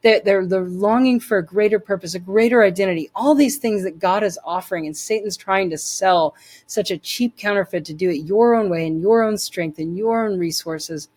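A woman's voice: medium pitch, moderate pace, darkish tone. Woman sharing her testimony in an interview, earnest, keeps restarting words. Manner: earnest, emphatic, with repeated word restarts. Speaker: interview guest.

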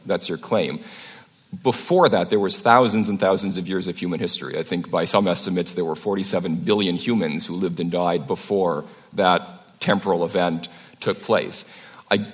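A man with a very low voice speaks at a live debate, quick and questioning as he presses his case. His words carry the long reverb of an event hall. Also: breathy edge. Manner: fast, questioning, argumentative.

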